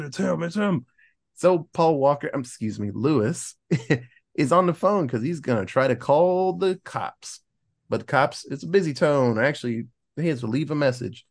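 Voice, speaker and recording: A man casually recapping a movie plot on a podcast, acting out the characters' lines as he goes. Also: mid-range voice. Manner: animated storyteller, acts out characters' lines. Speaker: podcast host.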